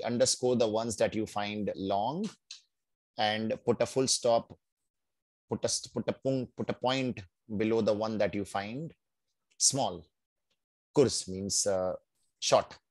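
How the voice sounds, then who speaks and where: A man teaching a beginners' German class. He explains patiently, drills words slowly and keeps checking in with his students. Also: fairly low pitch, dry recording, rough recording. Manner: patient, checks in often with "right?" and "no?"; drills pronunciation slowly, word by word. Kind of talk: live online language class.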